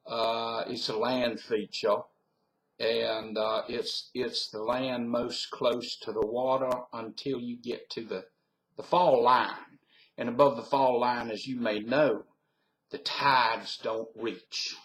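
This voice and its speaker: A man's voice: mid-range voice, fairly even intonation, takes it slowly, fairly bright tone. A man voicing a polite, formal visitor, hesitating as he speaks. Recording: roomy webcam recording.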